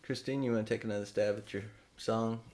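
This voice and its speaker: A man leading a ukulele group on a video call, chatting in quick asides and singing a song. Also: fairly low pitch. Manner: lively, quick spoken asides. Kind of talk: casual chat and singing with ukulele.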